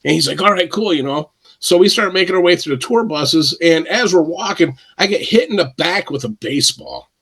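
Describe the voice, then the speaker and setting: A man's voice: on the high side, animated, a little fast, few pauses, a bit bright, breathy edge. A man on a podcast telling long, rambling stories and acting out other people's lines. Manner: rambling anecdotal, acts out quotes. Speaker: wrestler guest. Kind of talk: casual storytelling.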